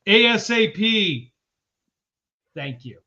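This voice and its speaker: Very animated but taking it slowly, a man with a high voice gives upbeat shout-outs to viewers by name while co-hosting a sports podcast live stream. Dull, lo-fi audio.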